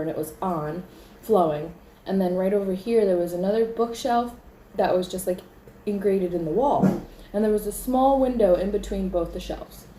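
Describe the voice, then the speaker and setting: A woman's voice: lowish voice, mellow, a little hiss or hum. A woman telling the story of a scary dream in a casual, chatty way, often saying "like" and acting out her own panic. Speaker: vlogger recounting a dream. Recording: roomy echo.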